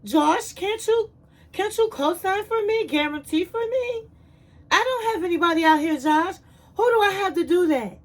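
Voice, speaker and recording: A woman's voice: very high-pitched, lively intonation, moderate pace, voice pushed up. A woman from Chicago acting out an anxious young woman in her recap, stammering and pleading for help.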